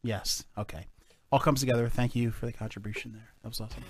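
A man's voice: medium pitch, fast. A man hosting a podcast in casual, crude, laughing comedic chat. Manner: crude, excitable, laughs often. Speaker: podcast host.

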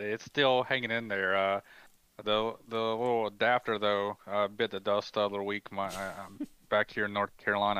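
A man in casual chat, talking in a flat, understated way. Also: lowish voice, clear, resonant tone, no room sound. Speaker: podcast guest.

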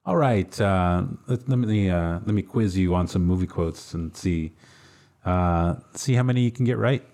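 A man hosting a podcast, rambling in relaxed, casual chat with plenty of fillers. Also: low-pitched, moderate pace. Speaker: podcast host.

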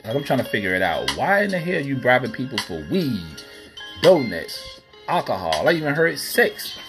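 A man's voice: medium pitch, big pitch swings, moderate pace. A man hosting a podcast, ranting casually and profanely while addressing listeners as y'all. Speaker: podcast host. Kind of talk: casual solo rant. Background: music playing.

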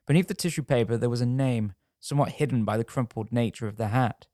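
A man's voice: mid-range voice, quick pace, dark tone, dry recording, clean studio sound. Man narrating a true-crime story.

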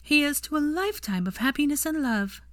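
Lady doing a bossy sarcastic young witch, high and bouncy, teasing. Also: animated, normal speed, a bit bright, dry recording, studio quality. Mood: bright, teasing. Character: prim bossy young woman, witty and exasperated.

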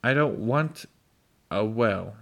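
A man reading a worried, scolding pioneer mother's lines aloud in a slow, halting way. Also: lowish voice, lively intonation, gravelly, full character voice.

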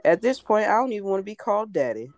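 A woman's voice: mid-range voice, very animated, quick pace, a little mellow, no room sound. A young woman, chatting casually, brash, emphatic and swearing freely. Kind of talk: casual chat.

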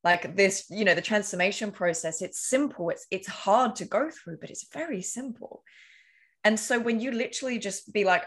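A woman's voice: medium pitch, normal speed, a bit bright. A woman as an interview guest, talking earnestly and casually, walking through examples, with the odd swear word. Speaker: podcast guest.

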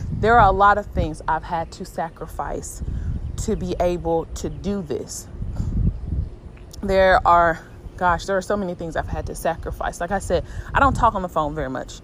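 A woman's voice: lowish voice, a little hiss or hum. A woman hosting her own podcast, speaking in an earnest, reflective way and repeating phrases for emphasis in a casual faith-based motivational talk. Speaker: podcast host and writer.

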